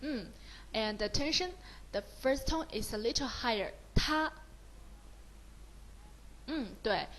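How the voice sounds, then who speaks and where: A woman's voice: on the high side, expressive, normal speed, fairly bright tone, slight background noise, low-quality recording. A woman with a Mandarin Chinese accent teaching a beginner lesson, mixing English with Mandarin and praising often. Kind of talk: slow, encouraging beginner lesson.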